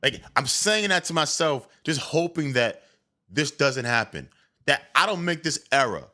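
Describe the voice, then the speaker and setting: A young man recounts an awkward episode from his past in casual comic storytelling. His voice has a bright, forward edge, and he talks candidly and with animation, often doubling back on his words mid-sentence. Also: on the high side, measured pace. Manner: candid, animated, with stammered restarts.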